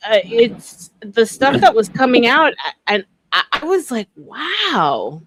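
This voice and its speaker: A woman's voice: on the high side, lively intonation, measured pace, a bit bright. A woman in her forties from New York hosting a casual live chat, talking in a chatty way with many restarts. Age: 40s. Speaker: livestream host. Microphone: phone.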